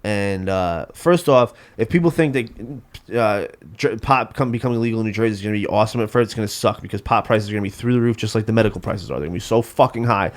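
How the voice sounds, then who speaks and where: Male podcast guest, low and quick, rants with many restarts. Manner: ranting, repeats words and restarts. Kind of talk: casual podcast chat. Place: home studio.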